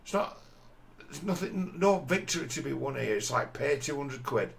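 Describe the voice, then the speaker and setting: A gravelly-voiced man rants through a commentary, crude and scornful. He speaks at an ordinary middle pitch and keeps breaking into mocking impressions of the people he talks about. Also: animated, moderate pace. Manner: crude, scornful, mocks by mimicking others. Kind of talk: ranting commentary over a video.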